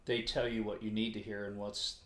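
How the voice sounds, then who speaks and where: A man's voice: fairly low pitch, level tone, fairly quick, a bit bright, echoey room, a little hiss or hum. A man co-hosting a podcast in casual chat, telling stories with a joking manner. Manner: storytelling, joking. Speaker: podcast co-host.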